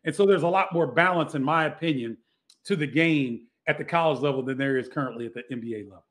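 A man's voice: fairly high pitch, fast, a bit bright. A middle-aged man, a former basketball player, telling stories in a casual interview with many restarts.

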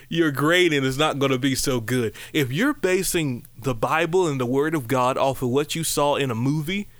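With no room sound in the recording, a man preaches a sermon that is lively and conversational, punctuated by high exclamations and playful asides.

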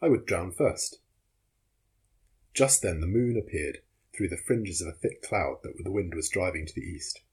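A man reading a classic adventure novel aloud in measured, dramatic first-person narration. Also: low voice, darkish tone, slightly rough.

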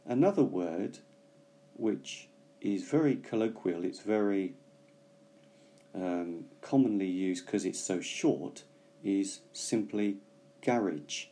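Slow, low-voiced man teaching English. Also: animated, mellow. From Britain. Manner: slow, careful explanations with hesitations. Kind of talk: bilingual language lesson.

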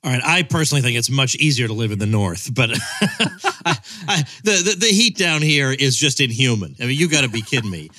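A man hosting a podcast interview, jokey and teasing, stammering when excited. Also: mid-range voice, quick pace. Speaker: podcast host.

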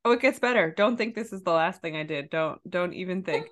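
A woman in casual chat, animatedly recounting a workplace mishap, her voice leaping high when she acts out her own outbursts. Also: brisk. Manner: animated, jumps high when quoting herself; lots of fillers and restarts, laughs while telling.

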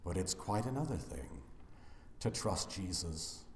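A man preaching a funeral sermon as pastor, swinging from loud declarations to hushed, near-whispered lines. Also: sits low, animated, unhurried, roomy sound, slight background noise.

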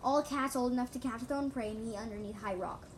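A woman's voice: a little high, fairly quick, a little hiss or hum, close to an everyday voice. Woman doing a commanding male leader cat. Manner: loud announcing call.

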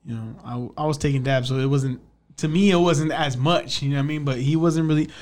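A man co-hosting a podcast, chatting casually in a relaxed, rambling way with laughing asides. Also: a little high, fast. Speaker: podcast co-host. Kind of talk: casual chat.

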